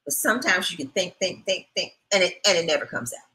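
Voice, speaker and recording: A middle-aged woman co-hosting a relationship talk show, speaking in a measured, reflective way and steering with questions. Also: fairly low pitch, lively intonation, pushed and bright, rough recording. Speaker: co-host.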